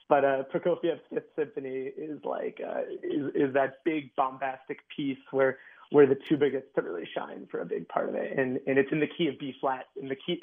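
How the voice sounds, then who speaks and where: A man's voice: medium pitch, creaky. A man speaking as an orchestra guest in a casual radio interview, chatty, with many fillers and restarts. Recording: tinny phone-like line.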